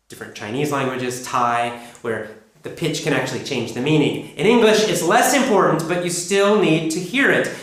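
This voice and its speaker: Emphatic man teaching in an echoey room. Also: a bit bright. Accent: North American. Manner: slow, emphatic demonstrations of pitch and stress. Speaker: English pronunciation teacher. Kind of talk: spoken lesson to learners.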